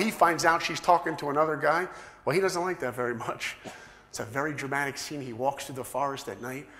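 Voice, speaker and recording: Animated man telling a story in a hall. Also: a little hiss or hum. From New York. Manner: animated, acts out dialogue with big pitch swings. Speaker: speaker. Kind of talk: storytelling talk to an audience. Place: large hall. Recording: roomy hall echo.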